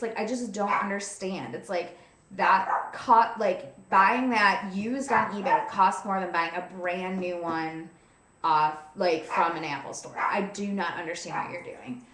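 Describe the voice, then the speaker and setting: A woman's voice: medium pitch, measured pace, heavy background noise. Chatty, frustrated young woman, roomy sound. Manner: chatty, frequent "like" fillers, frustrated and cranky. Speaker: vlogger. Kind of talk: casual venting vlog. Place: at home, seated with a cat on her lap.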